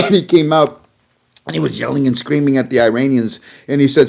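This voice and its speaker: A man hosting an online talk show, teasing an imagined listener with mocking banter and swinging between loud emphatic lines and low muttered asides. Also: animated, normal speed, creaky. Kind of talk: casual monologue.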